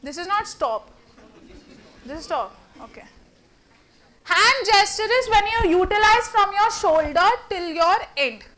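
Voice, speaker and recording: A woman with an Indian English accent, a communication trainer giving an energetic, theatrical workshop lecture and quizzing the students in the room. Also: very high voice, unhurried, pauses often. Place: classroom with a live student audience.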